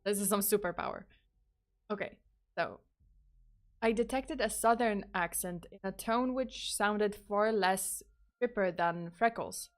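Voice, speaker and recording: A woman's voice: medium pitch, measured pace. A woman streamer reading horror stories live who giggles often and breaks off into rambling asides. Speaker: streamer and storyteller.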